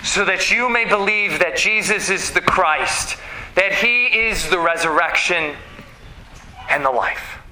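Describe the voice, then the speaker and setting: Slow, bright-voiced preaching man. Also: sits high, expressive, reverberant, slight background noise, poor audio. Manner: slow, emphatic preaching with dramatic pauses. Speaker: pastor. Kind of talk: sermon.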